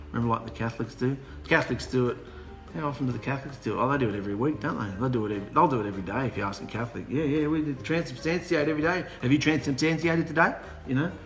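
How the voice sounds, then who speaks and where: A man preaching an animated, humorous sermon, sarcastic and worked up. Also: mid-range voice. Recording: echoey room with music behind.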